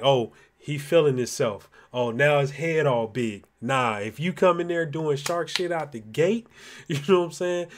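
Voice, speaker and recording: A man co-hosting a live online talk show, giving laid-back motivational advice full of slang. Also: on the high side. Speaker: co-host. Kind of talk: casual live-stream chat.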